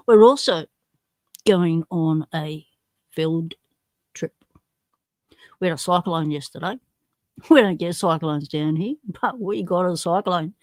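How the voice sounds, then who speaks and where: A woman's voice: fairly low pitch, a little mellow, dry recording, studio quality. An Australian woman hosting a casual livestream, chatty and self-deprecating, greeting viewers one by one by name. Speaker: livestream host.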